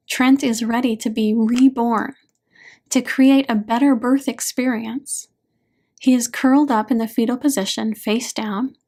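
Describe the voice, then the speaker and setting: A woman narrating her own audiobook in a gentle, measured voice. She reads slowly, her pitch sitting a little high. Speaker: author and hypnotherapist narrating.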